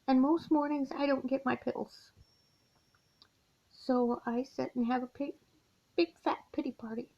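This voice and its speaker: Speaking from her mother's home, a middle-aged woman confides in a confessional vlog, slow, tired, and sincere, with frequent sighs. Her high, gravelly voice stays fairly even in intonation, captured on a dull lo-fi home recording.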